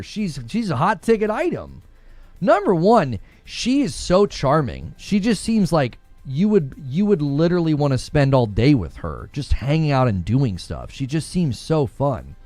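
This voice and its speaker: A man's voice: a little high, a little mellow, no echo. A man hosting a gaming podcast in casual chat, rambling with many fillers and laughing easily. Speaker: gaming news podcast host.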